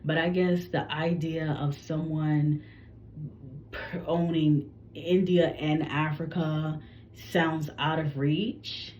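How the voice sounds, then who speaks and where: A woman's voice: deep voice, little pitch movement, slow pace, darkish tone, muffled recording, a little hiss or hum. A woman psychic telling a channeled reading story in a rambling, casual way, often restarting her sentences. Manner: rambling, frequent restarts and self-corrections. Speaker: psychic reader.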